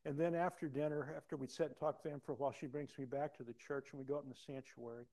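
A man preaching a personal testimony, acting out dialogue and swinging from soft to loud. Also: medium pitch, fast talker. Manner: animated, acts out dialogue, big swings in loudness. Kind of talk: sermon storytelling.

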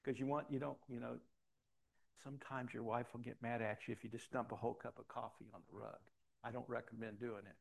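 A man's voice: mid-range voice, little pitch movement, fairly quick, creaky. An older man, a pastor, preaching a sermon in a conversational storytelling way with frequent restarts.

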